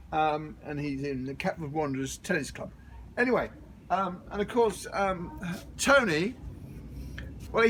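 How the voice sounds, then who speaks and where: A man's voice: high voice, fairly bright tone, slight background noise. A middle-aged man, chatting to camera in a rambling, jokey way, outdoors at a community garden and filmed by a friend. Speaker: vlogger. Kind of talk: casual chat to camera. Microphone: camera held by a friend filming.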